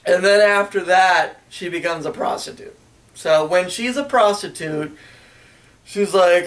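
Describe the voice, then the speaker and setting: A man's voice: high-pitched, a bit bright, recorded from a distance. A young man crudely retelling a story in casual chat, rambling and sometimes mimicking the characters.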